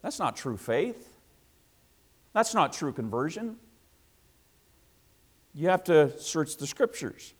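A man preaching a sermon to a congregation, emphatic and repetitive, swinging between loud passages and hushed asides. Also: on the high side, sing-song, takes it slowly, long pauses, slightly rough.

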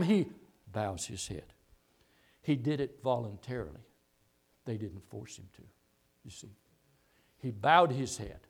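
A male pastor preaching a sermon, moving from low, quiet asides to loud, impassioned passages. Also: animated, unhurried, creaky, long pauses, husky.

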